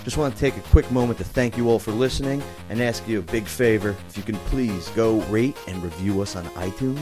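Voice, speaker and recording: A man hosting a casual podcast, trading crude, loud jokes with his friends. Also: fairly low pitch, brisk, music in the background. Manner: loud, brash, laughing. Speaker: podcast host.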